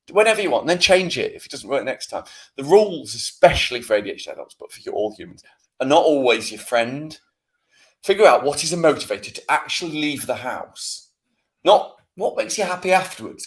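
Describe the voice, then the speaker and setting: A man with a British accent co-hosting a podcast, ranting in a casual, self-mocking way. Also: fairly high pitch. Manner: animated, swearing, self-mocking rant. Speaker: podcast co-host.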